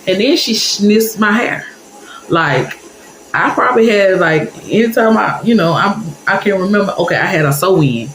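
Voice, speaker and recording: Casual storyteller, woman, animated and talkative; echoey room, faint hiss in the background. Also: mid-range voice, normal speed. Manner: animated, chatty, addresses viewers directly.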